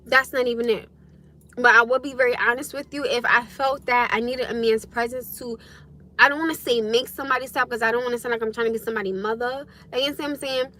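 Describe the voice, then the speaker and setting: Woman, livestream host, high voice, sharp tone, blunt, animated, swears freely. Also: fast talker, a little hiss or hum. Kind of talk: casual livestream venting to viewers.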